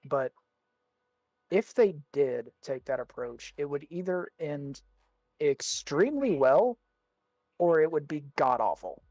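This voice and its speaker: A man's voice: on the high side, sing-song, takes it slowly, long pauses, a little mellow, dry recording. A man co-hosting a gaming podcast in casual chat, rambling and repeating words as he thinks, with the hiccups. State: has the hiccups. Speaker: podcast co-host.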